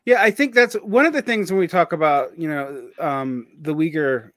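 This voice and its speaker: A man's voice: a little high, normal speed, a bit bright, no room sound, clean studio sound. A man with a Southern US accent hosting an interview, talking casually and rambling with fillers and restarts. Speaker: podcast host.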